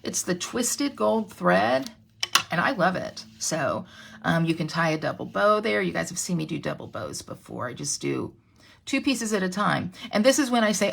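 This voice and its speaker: A woman's voice: lowish voice, lively intonation, moderate pace, creaky, a bit bright, a little hiss or hum. A middle-aged woman, chatting through a craft tutorial and talking straight to her viewers. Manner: bubbly, self-deprecating, talks to viewers. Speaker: crafting channel host.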